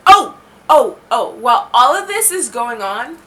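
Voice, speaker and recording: A young woman vlogger telling a spooky story, acting out the lines and saying "like" a lot. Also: a little high. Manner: animated, acts out dialogue, says "like" a lot. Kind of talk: storytime vlog.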